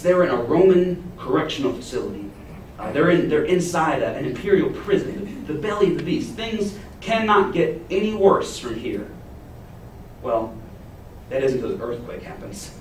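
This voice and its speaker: Man preaching, expressive storyteller, roomy echo, distant mic, faint ambience. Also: mid-range voice, slight background noise. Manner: expressive, acts out the jailer's panic in a paraphrase. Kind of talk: sermon. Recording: echoey room, heard from a distance.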